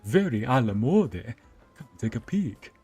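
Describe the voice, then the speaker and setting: A man voicing a flamboyant male merchant with an Italian-tinged put-on accent, giving a theatrical sales pitch. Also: sing-song, unhurried, darkish tone, breathy edge, soft background music. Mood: salesy.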